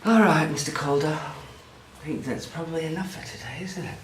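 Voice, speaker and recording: A man's voice: fairly high pitch, animated, moderate pace. A father filming his toddler at home and coaxing him along in a sing-song baby-talk voice. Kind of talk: home video chat with a toddler. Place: family home, indoors. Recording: echoey room with loud vacuum hum.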